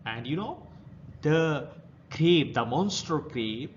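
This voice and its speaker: Slow, lively Indian English teacher. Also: male voice, fairly high pitch, lo-fi sound, a little hiss or hum. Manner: reads a passage, then retells it in simple words. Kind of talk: reading a story aloud and explaining it.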